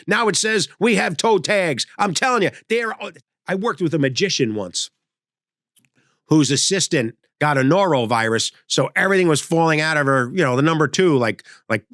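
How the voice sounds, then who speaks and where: 60s guy comedian, kinda high voice, rambly grumpy old-timer bit, makes fun of himself. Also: fairly bright tone, no echo, studio quality. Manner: rambling, grumbling, self-mocking old-timer persona. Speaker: comedian and host. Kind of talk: comedic storytelling monologue.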